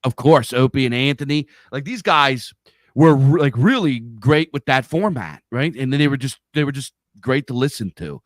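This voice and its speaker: A middle-aged man with a Pennsylvania accent rambles through his stories and swears freely. His voice sits at an everyday pitch. The mic sound is close and dry, with no room around it. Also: expressive, moderate pace, no room sound. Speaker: podcast host. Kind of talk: casual chat. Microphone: studio mic on a live stream.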